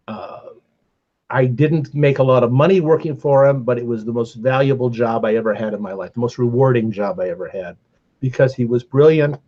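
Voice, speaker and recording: An older man, a podcast guest, telling stories in a relaxed, animated way, laughing now and then. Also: mid-range voice. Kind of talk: casual storytelling. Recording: slightly dull lo-fi sound.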